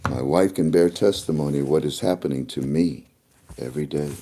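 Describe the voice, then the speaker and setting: Man, rambling emotional vlogger, warm and dark tone. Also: rumbling low, normal speed. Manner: rambling and emotional, breaks into laughter. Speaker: video blogger. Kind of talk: casual rambling monologue to camera.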